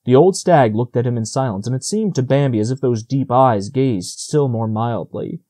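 A man reads a storybook audiobook aloud in a steady, measured way. His voice is mellow and relaxed, set at an ordinary middle pitch for a man. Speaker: audiobook narrator. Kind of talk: storybook narration.

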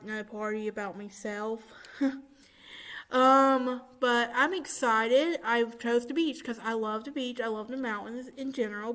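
A young woman in her twenties talking casually and excitedly to her viewers, with many fillers, recording in a church room. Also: a little high. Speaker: vlogger. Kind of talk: casual vlog chat.

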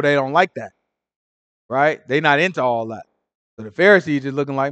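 A man's voice: a little high, animated, brisk, pauses often, fairly bright tone, dry recording, highs cut off. A man leading an informal Bible study, talking casually, often asking "right?" and acting out characters in street slang. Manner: conversational, repeats "right?", acts out Pharisees in slang. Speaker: Bible teacher.

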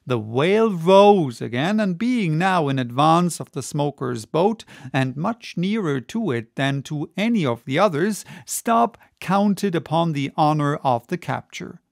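A man reading a classic novel aloud as an audiobook, in slow, measured, deliberate narration. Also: on the high side, lively intonation, gravelly, no echo, studio quality. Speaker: audiobook reader.

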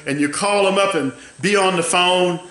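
A male pastor preaching a sermon in a church, with drawn-out, emphatic phrasing that rises into shouted, chanting passages. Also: sits high, a little hiss or hum. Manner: rising to shouted, chanting preaching with a call-and-response rhythm. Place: church sanctuary. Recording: echoey church room.

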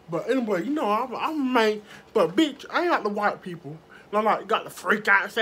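Woman vlogger, super expressive, swears a lot, chatty storytime to the camera. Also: medium pitch, a little fast, few pauses, slightly rough. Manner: animated, profane, talks straight to viewers. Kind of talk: casual storytime.

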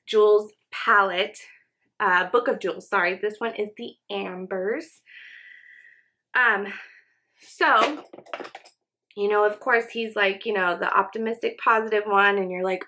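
A young woman talks through her makeup routine in a loose, rambling get-ready chat at home. She fills her sentences with "um" and "you know." Her voice is bright, at an ordinary pitch. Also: fairly even intonation, normal speed. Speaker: beauty vlogger. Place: home, indoors.

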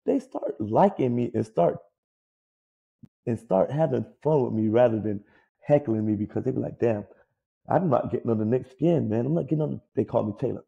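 A man's voice: mid-range voice, moderate pace, gravelly, slightly rough, highs cut off. A man who played pro ball, co-hosting a sports podcast, talking casually with a lot of swearing. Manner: profane, animated, mocks players in put-on whiny voices. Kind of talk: casual sports opinion talk.

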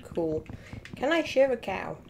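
A woman co-hosting a game stream, chatting casually, excitable and quick to laugh and swear. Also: mid-range voice, gravelly, noisy background. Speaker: co-host gaming streamer. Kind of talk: casual gameplay banter.

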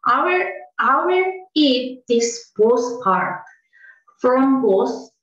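A high-voiced, theatrical coworker with a wildly swooping delivery, played by a woman in an online improv scene. She lays out her grievances slowly and dramatically. The sound is roomy and a bit dull, like a video call. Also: expressive, full character voice. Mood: conciliatory. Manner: dramatic, indignant, bursts into mock crying. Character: indignant woman coworker passed over for promotion. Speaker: improv performer.

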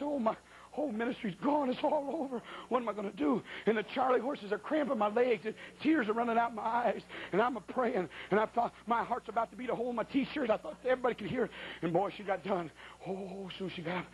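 High-voiced folksy preacher telling stories. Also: male voice, a little hiss or hum, rough recording. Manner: animated, folksy, exaggerated comic storytelling. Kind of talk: humorous storytelling sermon.

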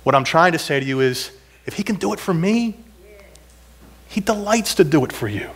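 A man's voice: on the high side, animated, normal speed, fairly bright tone, slightly rough. A middle-aged man, a pastor, giving a sermon in a church, telling personal stories in a conversational, self-deprecating way that builds to emphatic points. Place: church sanctuary.

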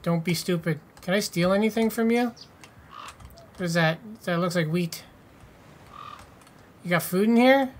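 A man's voice: sits high, unhurried, long pauses. A man hosting a casual let's-play, joking, swearing and reading game text aloud. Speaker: gaming channel host.

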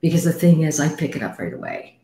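A woman's voice: low voice, wildly swooping pitch, fast talker, creaky, mellow, slight background noise. A middle-aged woman hosting a live call-in psychic reading show, talking bluntly and frankly, swearing freely and calling callers sweetie. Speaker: psychic medium host. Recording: roomy echo.

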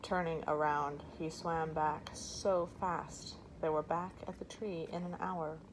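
Brief: calm woman storyteller, unhurried reading, lowish voice. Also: noisy background. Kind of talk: read-aloud storybook narration.

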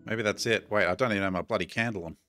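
A man's voice: on the low side, very fast, bright, forceful tone, faint music behind. A middle-aged man with an Australian accent gives chatty, jumpy commentary while playing a horror game and talks to his viewers. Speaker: gaming YouTuber.

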